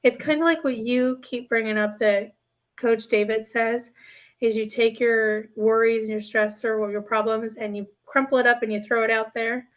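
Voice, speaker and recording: Lady podcast cohost, kinda high voice, rambles on earnestly, lots of "right?". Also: fairly even intonation, moderate pace. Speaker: podcast co-host. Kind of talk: casual podcast chat.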